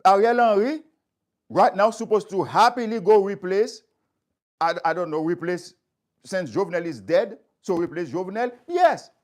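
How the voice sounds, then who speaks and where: A Haitian community speaker gives an impassioned address directly to his viewers, repeating phrases to drive his points home. His voice sits high and he speaks at a moderate pace.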